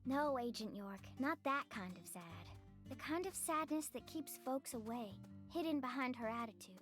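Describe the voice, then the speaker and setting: A woman's voice: sits high, animated, normal speed, fairly bright tone, soft background music. An actress voicing a plainspoken, uneasy young small-town woman in a video game. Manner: plainspoken, folksy, hesitant.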